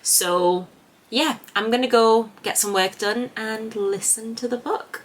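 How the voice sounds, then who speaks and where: A woman chatting casually in a reading vlog, gushing with animated reactions. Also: fairly high pitch, takes it slowly. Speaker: book vlogger.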